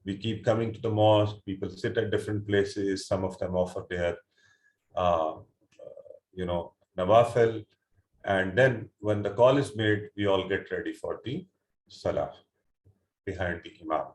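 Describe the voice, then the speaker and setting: Low-pitched guy teaching over an online call, patient, explains things bit by bit, lots of uh and restarts. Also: moderate pace, darkish tone, roomy sound. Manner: patient, explains word meanings step by step; hesitant, frequent fillers and restarts. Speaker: Quran teacher. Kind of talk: online class lecture. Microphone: computer mic on an online call.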